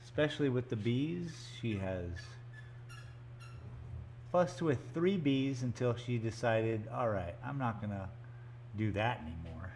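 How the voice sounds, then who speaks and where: A man's voice: medium pitch, animated, measured pace, pauses often, a little mellow, a little hiss or hum. A man chatting casually and joking in rambling asides while he paints live in an art gallery studio. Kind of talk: casual live-stream chat.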